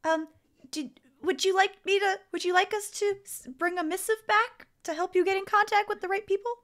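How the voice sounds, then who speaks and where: High-voiced polite woman player. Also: steady tone, a little fast, a bit bright. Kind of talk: tabletop role-play.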